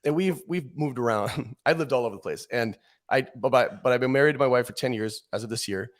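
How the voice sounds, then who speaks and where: A man in his forties, a podcast guest telling rambling stories in casual chat, with frequent restarts. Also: mid-range voice. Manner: animated rambling storyteller, quick restarts.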